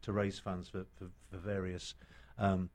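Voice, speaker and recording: A man's voice: low-pitched, level tone, a little slow, darkish tone. A middle-aged British man, an actor guest, telling stories in casual chat with many restarts and fillers. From Britain.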